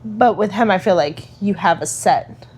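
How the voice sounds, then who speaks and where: A woman's voice: mid-range voice, moderate pace, darkish tone, breathy edge. A woman co-hosting a casual podcast about motherhood, talking in a reflective, earnest way with many fillers. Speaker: podcast co-host. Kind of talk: casual chat.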